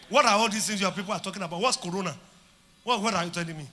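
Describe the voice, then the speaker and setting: High bright-voiced preaching man, Nigerian accent. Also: very animated, fast, in a large hall. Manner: declaring and shouting, swinging between loud and soft. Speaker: pastor. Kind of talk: sermon. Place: church conference hall.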